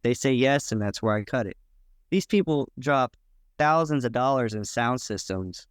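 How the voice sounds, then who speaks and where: A man's voice: mid-range voice, animated, moderate pace, clear, resonant tone, no room sound. A man who builds boats, a podcast guest, explaining his work in a laid-back, practical way. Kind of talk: casual podcast conversation.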